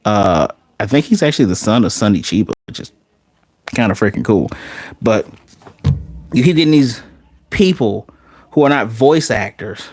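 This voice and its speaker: A man who reviews movies, giving casual, animated, sarcastic commentary with some swearing. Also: on the low side, normal speed, long pauses, no room sound.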